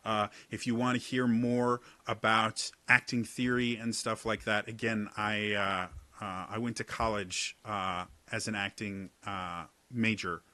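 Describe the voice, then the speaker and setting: A young man coaching tabletop role-players in a casual talk to camera, halting often with fillers and repeated words. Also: fairly low pitch, flat delivery, sharp tone, no echo.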